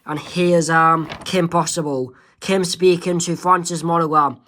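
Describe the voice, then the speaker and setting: A man reading his own homemade comic aloud, halting, with many fillers and self-corrections. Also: fairly high pitch, steady tone, bright, forceful tone. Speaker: amateur comic creator.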